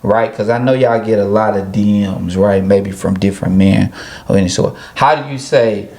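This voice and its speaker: A man's voice: lowish voice, normal speed, a little mellow. Laid-back drawling male podcast guest. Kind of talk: casual chat.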